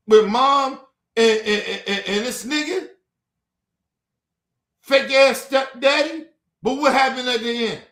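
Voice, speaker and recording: Casting note: furious man venting, high bright voice, echoey room, profane and repetitive. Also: takes it slowly, pauses often. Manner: heated, profane, repetitive outbursts. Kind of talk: angry personal rant.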